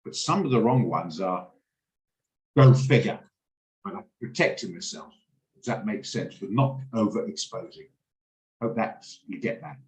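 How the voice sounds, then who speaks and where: A man's voice: lowish voice, lively intonation, moderate pace, reverberant, rough recording. A man hosting a trading room on a video call, talking casually and emotionally, rambling and laughing as he goes.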